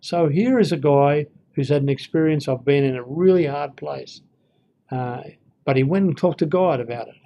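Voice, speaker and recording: A man's voice: a little high, normal speed, gravelly, dark tone. A man giving an informal Bible lesson, thinking aloud with fillers and reading verses with feeling. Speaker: Bible teacher.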